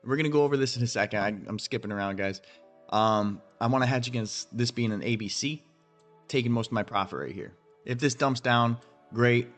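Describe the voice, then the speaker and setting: A blunt man runs through his trading charts in a brash, swearing rant and keeps addressing the viewers directly. His voice sits at an ordinary middle pitch. Soft music plays faintly behind him. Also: brisk. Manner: blunt, profane, emphatic, talks straight to viewers. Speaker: crypto trading channel host. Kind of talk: ranting chart analysis.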